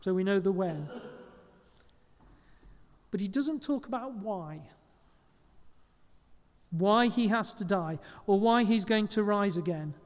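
A man's voice: high voice, darkish tone, long reverb tail. A man preaching a sermon as pastor, speaking conversationally and correcting small slips as he goes.

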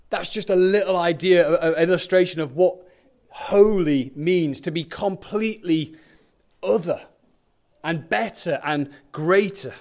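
A man's voice: high-pitched, measured pace, a little mellow. A man preaching a sermon in a church, talking conversationally with everyday illustrations and questions, and repeating words for emphasis. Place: church building with windows onto a car park.

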